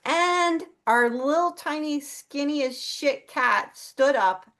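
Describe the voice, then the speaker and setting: A woman's voice: high-pitched, animated, slow pace, fairly bright tone. A middle-aged woman, an interview guest, telling a personal story in a candid, casual way and swearing freely. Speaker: interview guest, psychic and healer.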